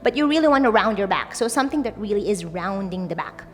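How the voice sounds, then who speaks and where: A woman's voice: medium pitch, animated, fast. A young woman teaching a yoga class in a casual, upbeat way, often adding "like" and "right?". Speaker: yoga instructor. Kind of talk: guided yoga class instruction. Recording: long reverb, faint music.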